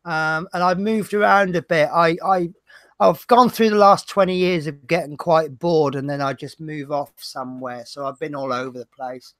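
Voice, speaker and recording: A man's voice: fairly high pitch, moderate pace, a bit bright, no echo. A man with a Norfolk accent hosting a livestream, chatting casually and rambling with self-mocking humor. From Norfolk, England. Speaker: livestream host.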